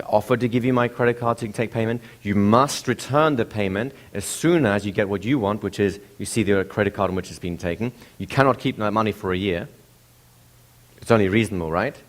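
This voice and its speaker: A man giving a lecture, telling a story with rhetorical questions to the audience in an animated way. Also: fairly low pitch. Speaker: seminar presenter.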